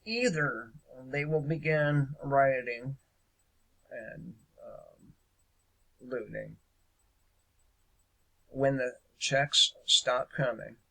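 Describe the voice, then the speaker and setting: A man's voice: medium pitch, very slow, vocal fry, pauses often, sharp tone, low-quality recording. A man hosting a casual political commentary show, speaking hesitantly with lots of fillers and a sarcastic edge.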